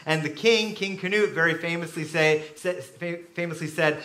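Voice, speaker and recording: A man preaching a sermon as pastor, telling stories with animated, sudden loud bursts. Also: fairly high pitch, moderate pace, hardly any pauses, reverberant. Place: church.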